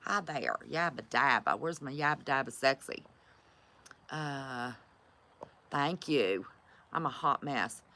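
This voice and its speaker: A woman's voice: low-pitched, a bit bright, a little hiss or hum. A woman hosting a casual live chat and greeting viewers by name in a chatty, folksy way, recorded on a phone on a stand. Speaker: livestream host greeting viewers.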